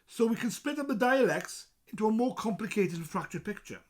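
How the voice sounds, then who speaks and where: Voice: mid-range voice, expressive, brisk, a little mellow. A presenter from South Wales with a South Welsh accent, explaining things in a chatty, casual way and reading points from a list with asides.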